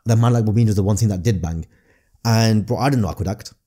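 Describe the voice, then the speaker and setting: A man, a guest comedian telling stories in a casual podcast chat, his pitch jumping up on emphasis. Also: fast talker, warm tone. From northern England.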